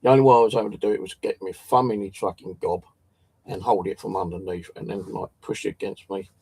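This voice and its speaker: A man's voice: lowish voice, steady tone, fast, mellow, breathy edge. A man telling a story in a casual, rambling way, swearing often and tripping over his words. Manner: swears a lot, restarts and stumbles. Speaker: channel host.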